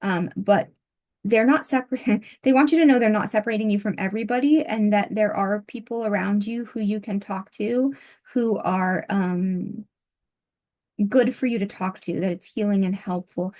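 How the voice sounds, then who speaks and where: Softly halting woman channeling a reading. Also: medium pitch. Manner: soft, halting, with many pauses and fillers. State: losing her voice. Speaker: tarot reader.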